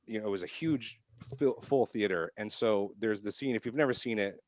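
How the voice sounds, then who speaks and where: A man's voice: lowish voice, a little fast, no echo. Dry-sounding man telling profane stories. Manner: profane, animated anecdotes with frequent restarts. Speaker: podcast co-host. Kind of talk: casual chat, storytelling.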